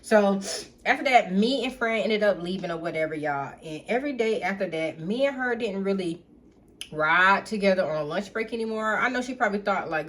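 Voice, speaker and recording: Chatty woman telling a storytime. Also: mid-range voice. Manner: chatty, addresses viewers as y'all, blunt and profane; animated, reenacts others in quick asides. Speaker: storytime vlogger. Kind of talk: casual storytime to viewers.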